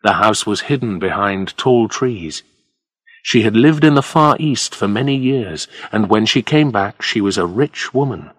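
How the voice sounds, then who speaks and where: A man reads a story for language learners, his voice slightly husky and full of lively ups and downs. The sound is dry and close, with no room echo around it. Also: lowish voice, a little slow. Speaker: narrator.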